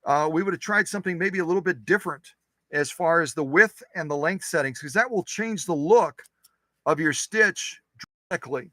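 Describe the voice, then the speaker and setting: A man's voice: fairly high pitch, a little fast, bright, forceful tone, no room sound. A man hosting a sewing machine channel, demonstrating stitches in his workshop in a chatty, joking way. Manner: chatty, joking, talks to himself while working.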